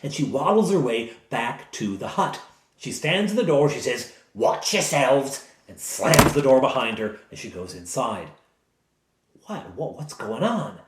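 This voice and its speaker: A man who is the game master, recounting a tabletop game session as an animated storyteller. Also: mid-range voice, unhurried, a little hiss or hum. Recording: echoey room.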